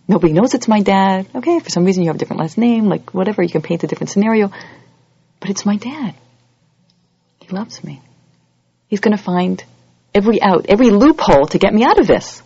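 A religious teacher giving a holiday sermon to a congregation, lively and acting out everyday scenes in other voices. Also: mid-range voice, husky, dry recording, highs cut off.

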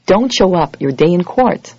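Religious teacher, sermon, husky voice, animated storyteller, lo-fi dry recording. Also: medium pitch, normal speed, dry recording. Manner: lively, acts out everyday scenes in other voices. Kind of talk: holiday sermon to a congregation.

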